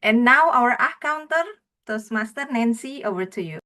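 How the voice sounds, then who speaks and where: Woman, meeting lead, high bright tense voice, brisk upbeat handovers. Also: expressive. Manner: brisk, upbeat, hands over turns. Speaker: general evaluator. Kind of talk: meeting host segues. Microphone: computer mic on a video call.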